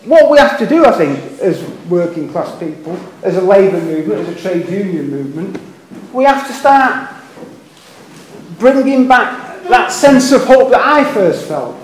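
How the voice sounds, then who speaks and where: A man's voice: high-pitched, big pitch swings, moderate pace, a little hiss or hum. An older man with a Liverpool accent giving an earnest, rambling public speech at a meeting, with self-deprecating asides. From England. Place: meeting hall. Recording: echoey meeting hall.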